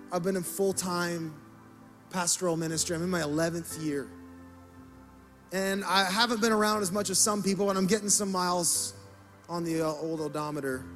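A male pastor preaching a sermon, passionate and emphatic, rising to loud peaks. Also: high voice.

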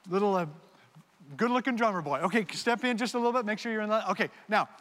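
A man's voice: high voice, fast, fairly bright tone. A man preaching a sermon, animatedly directing volunteers on stage. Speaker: pastor. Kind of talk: sermon with audience participation skit. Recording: long hall reverb.

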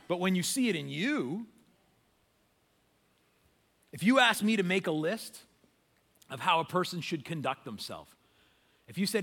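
A man preaching a sermon in a casual, animated, storytelling way, talking straight to parents. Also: a little high, a little fast, in a large hall. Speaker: pastor.

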